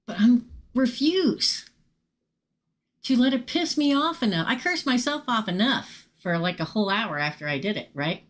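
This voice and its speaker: A middle-aged woman, telling a casual, animated story to viewers during a live tarot reading stream. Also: on the high side, normal speed. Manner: chatty, animated, swears casually and talks straight to viewers. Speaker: tarot reader hosting a live show.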